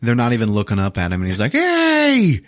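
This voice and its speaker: A man's voice: lowish voice, steady tone, very fast, dry recording, clean studio sound. A male podcast host casually recapping a movie, swearing, laughing and acting out the scenes. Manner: crude, laughing, acts out scenes.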